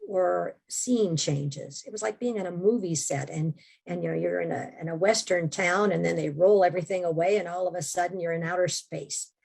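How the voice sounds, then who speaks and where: A woman guest on an interview podcast, telling a personal story in a lively conversational way, sometimes dropping to a hushed voice. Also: lowish voice, creaky, breathy edge. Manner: animated storyteller, drops to hushed tones. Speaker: memoir author and interview guest.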